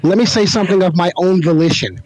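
A man's voice: high voice, quick pace, darkish tone, low-quality recording. A man on a prank call hurling crude threats.

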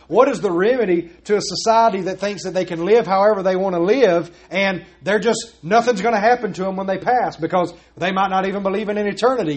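A man preaching a sermon as pastor, pressing his points with repeated rhetorical questions. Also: high-pitched.

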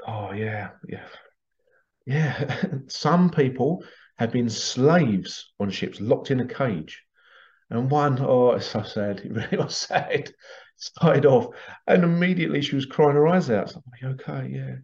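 Chatty man with a gravelly voice. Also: medium pitch, measured pace. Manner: chatty, animated, laughs often. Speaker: past life regression workshop leader. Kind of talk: casual storytelling promo. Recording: dull lo-fi recording.

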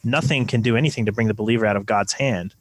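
A man's voice: on the low side, quick pace, dry recording. A man co-hosting a podcast, earnestly explaining scripture with math analogies in casual discussion. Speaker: podcast co-host.

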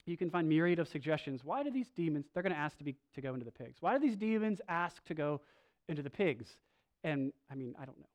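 A male preacher gives a sermon as if talking with friends. His voice sits a bit high for a man. He stumbles and restarts, then swings between loud bursts and quiet asides. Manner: conversational, with filler words and restarts.

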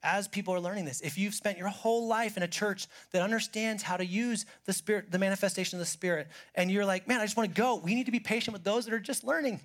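A man preaching a sermon as pastor, animated, swinging from loud acted quotes to hushed asides. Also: high voice, quick pace, few pauses.

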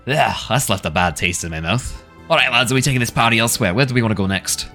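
A man voicing a rowdy, hotheaded male dwarf who blusters and stammers quickly. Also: mid-range voice, sharp tone, soft background music. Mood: blustering.

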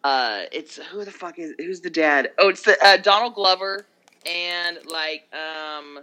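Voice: medium pitch, unhurried, pushed and bright. A podcast co-host in casual chat, swearing freely and trailing off mid-thought.

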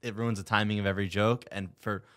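A man's voice: on the low side, flat delivery, fast talker, a bit bright. A young man co-hosting a podcast in casual chat, giving opinions and laying out rankings. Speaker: podcast co-host.

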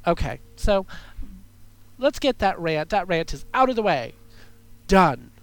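A woman's voice: lowish voice, very animated, measured pace, no echo. A congested woman hosting a chatty podcast, sassy and profane, calling her listeners darlings and girls. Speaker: podcast host. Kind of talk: casual chat show monologue.

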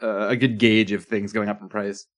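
A man co-hosting a casual movie podcast, animated and quick with film trivia. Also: fairly low pitch. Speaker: podcast co-host. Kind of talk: casual movie-review chat.

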